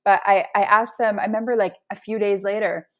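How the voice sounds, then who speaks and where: A woman's voice: mid-range voice, steady tone, fairly quick. A woman in a casual spiritual chat, talking emphatically and building intensity as she tells her stories. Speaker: podcast guest.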